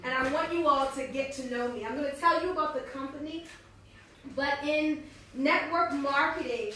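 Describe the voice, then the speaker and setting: A middle-aged American woman speaks with a high, bright voice and earnest, quick delivery. She is heard from a distance in a large hall that wraps her words in a strong echo. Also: a little hiss or hum. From United States. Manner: fast-talking, earnest and faith-filled. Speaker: network marketing leader and speaker. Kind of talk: motivational speech. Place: large echoey meeting hall. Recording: echoey hall from far off.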